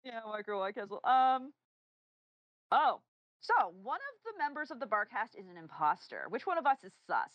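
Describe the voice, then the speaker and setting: A woman's voice: a little high, big pitch swings, normal speed, dry recording, lo-fi sound. A woman hosting a casual podcast chat, playfully asking questions and laughing along. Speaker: host.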